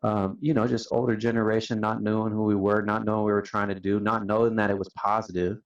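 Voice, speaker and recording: Laid-back male podcast guest with a very low voice, sounding a bit distant and muffled. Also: level tone, quick pace. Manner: laid-back, says "man" and "dude" a lot. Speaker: podcast guest, company founder. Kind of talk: casual storytelling. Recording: distant, dull-sounding mic.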